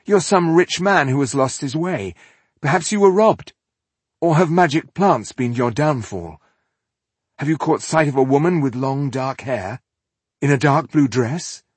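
A man voicing a gentle, coaxing male adventurer. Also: a little high, expressive, unhurried, breathy edge, no room sound, voice pushed up.

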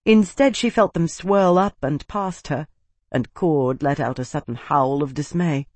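A man's voice: on the high side, unhurried, no room sound. Man narrating a dramatic fantasy audiobook. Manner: steady, dramatic storytelling.

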